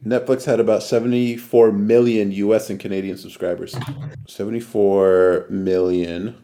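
A man's voice: fairly low pitch, flat delivery, moderate pace, warm tone. A man hosting a podcast in casual chat, laughing often and swearing casually. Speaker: podcast host.

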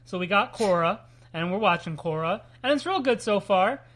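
A man from New Jersey hosts a podcast in loose, casual chat. His voice sits unusually high, and he peppers his banter with crude, profane jokes. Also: lively intonation, normal speed, a bit bright. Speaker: podcast host.

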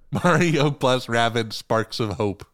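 A man's voice: mid-range voice, slow pace, fairly bright tone, no room sound, studio quality. A man co-hosting a podcast in casual chat, joking and rambling, swearing now and then. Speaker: podcast co-host.

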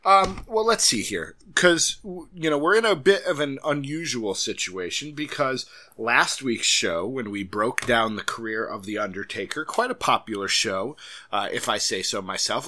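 Lively, bright-voiced man chatting casually. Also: on the low side, normal speed. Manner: rambling, self-deprecating. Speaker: podcast co-host. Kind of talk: casual chat.

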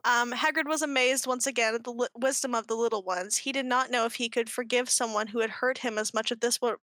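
A woman's voice: on the high side, fairly even intonation, fast, a bit bright, no room sound. A woman co-hosting a show, reading fanfiction aloud in a mock-earnest, giggly way. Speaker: podcast co-host.

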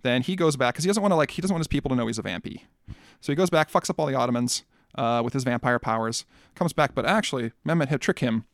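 A man's voice: medium pitch, expressive, fast, dry recording, studio quality. A man co-hosting a podcast, casually retelling a film plot in a loose, profane way, full of fillers and restarts. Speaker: podcast co-host.

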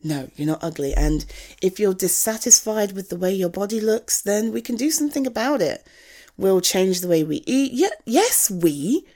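A woman's voice: medium pitch, expressive, moderate pace, dark tone, close to an everyday voice. A woman playing a young woman's blunt best friend in a one-sided audio role-play, swearing freely and giving frank tough love. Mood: blunt caring. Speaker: friend talking to the listener.

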